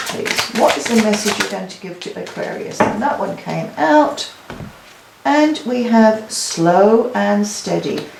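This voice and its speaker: Woman tarot reader, warm-hearted chatter to her cards, recorded in an echoey room. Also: medium pitch, gravelly, slight background noise. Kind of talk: weekly tarot card reading.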